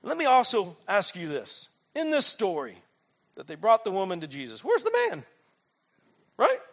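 A man's voice: high voice, huge pitch swings, normal speed, a bit bright. A male pastor preaching a sermon, telling stories with humor and frequent rhetorical questions.

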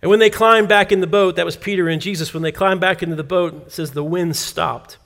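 A man preaching a sermon, telling a story in an animated way and acting out the quoted lines. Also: sits high, brisk, gravelly. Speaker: pastor.

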